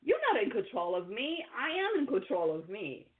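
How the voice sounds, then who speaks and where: A woman's voice: mid-range voice, sing-song, normal speed. Woman motivational host on a tinny line. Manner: rambling, lots of fillers and restarts. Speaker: podcast host and coach. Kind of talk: motivational talk.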